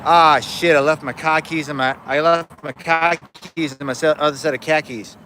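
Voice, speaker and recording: A man's voice: on the high side, fairly even intonation, normal speed, bright, forceful tone, a little hiss or hum. A man doing a grumbling guy. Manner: exaggerated dropped R's. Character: grumbling Massachusetts local man, loses car keys.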